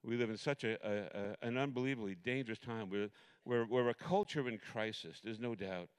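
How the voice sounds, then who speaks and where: A middle-aged man preaching a sermon, telling a personal story in a rambling, animated way with many restarts. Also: mid-range voice, fairly quick, smooth.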